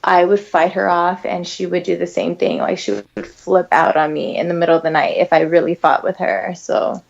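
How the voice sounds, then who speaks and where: A young woman co-hosting a podcast in relaxed casual chat, laughing often. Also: lowish voice, normal speed, vocal fry, dull audio. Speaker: podcast co-host.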